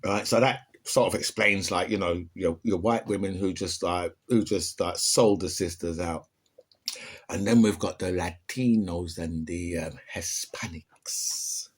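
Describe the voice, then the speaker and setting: A British man from the UK with a low-pitched voice speaks a little slowly in an impassioned opinion monologue. He often asks his listeners "right?"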